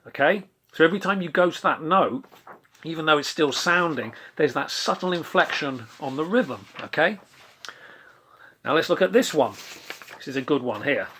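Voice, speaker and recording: A man's voice: on the high side, lively intonation, normal speed, fairly bright tone, slight background noise. Chatty man scat-singing rhythm syllables. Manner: self-deprecating asides. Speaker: saxophone teacher. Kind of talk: relaxed instructional talk.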